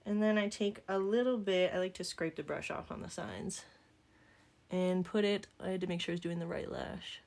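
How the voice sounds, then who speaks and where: A woman's voice: lowish voice, steady tone, moderate pace, a little mellow. A woman with a Southern accent talking through a makeup tutorial in a casual, joking way, full of rambling asides. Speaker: makeup vlogger.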